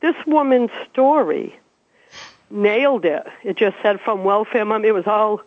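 Woman, 50s, from Massachusetts; lively guest storyteller, laughs often; phone-thin dry line. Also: mid-range voice, a little slow, dry recording. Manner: chatty, animated, laughs while telling stories. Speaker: interview guest. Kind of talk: casual storytelling. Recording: dry, tinny phone-like radio sound.

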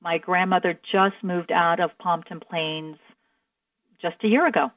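A woman's voice: on the low side, a little slow, a bit bright, no echo, recorded from a distance. A woman from Delaware, a guest on a radio show, talking cheerfully and laughing easily. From Delaware, USA. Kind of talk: phone-in radio interview. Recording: dull, dry phone line from afar.

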